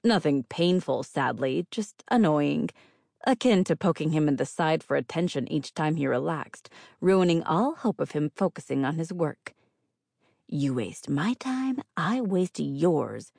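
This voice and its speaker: A woman's voice: low-pitched, normal speed, vocal fry, darkish tone, dry recording. A woman narrating first-person fiction as an audiobook reader, with a wry, dry delivery.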